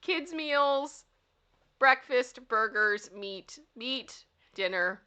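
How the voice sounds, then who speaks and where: A woman hosts a laid-back livestream, reading signs and answering her chat with playful giggles. Her voice is bright and clear, and it sits a little high. She keeps the chat light and chatty. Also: expressive, extremely slow. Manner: giggly and playful, often laughing. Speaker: livestream host.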